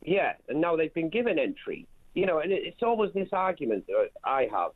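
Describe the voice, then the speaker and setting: A man's voice: a little high, big pitch swings, brisk. A man from Lincolnshire calling in to a radio show, wry and hesitant, with lots of fillers. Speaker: caller. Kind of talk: phone-in call. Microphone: phone. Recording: tinny phone line.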